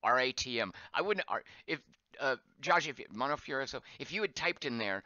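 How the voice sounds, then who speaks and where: A man commentating his own game live, musing out loud and reading viewers' comments as he goes. His voice is bright and full of lively pitch movement, a little hoarse. It comes through a dull, dry-sounding mic. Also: fairly quick, no echo. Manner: chatty, reads chat aloud, thinks out loud. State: voice going hoarse. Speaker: game streamer.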